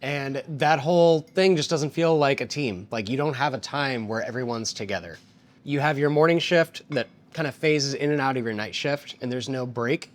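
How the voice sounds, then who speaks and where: A man in a casual interview, talking about restaurant work in a relaxed, rambling way full of fillers. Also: medium pitch, moderate pace.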